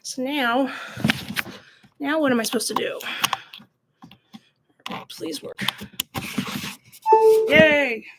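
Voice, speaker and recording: A woman's voice: high-pitched, a little slow, pauses often, heavy background noise. A woman chatting casually and a bit self-deprecatingly with viewers of her live stream while she paints at home, often breaking into giggles. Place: home, at a laptop.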